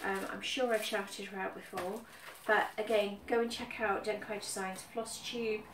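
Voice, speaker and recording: A woman's voice: mid-range voice, steady tone, normal speed, fairly bright tone. A woman from the UK chatting casually about her stitching, with frequent ums and repeated phrases. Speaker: cross-stitch vlogger. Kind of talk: casual chat. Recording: roomy echo, somewhat far from mic, faint background noise.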